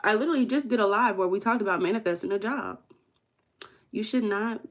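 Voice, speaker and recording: A Midwestern woman from the US chats casually on a livestream from home, reading messages aloud and playfully calling out names from the chat. She talks fairly quickly in a mid-range voice.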